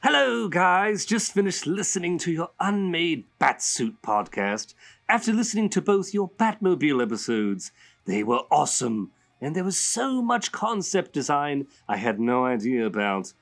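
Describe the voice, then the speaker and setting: A man's voice: fairly high pitch, big pitch swings, normal speed, vocal fry, a bit bright, pitched above the performer's own voice, full character voice. Joker voice, as a man puts it on. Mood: playful. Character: man doing a Joker voice reading a fan letter. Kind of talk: reading a listener letter aloud.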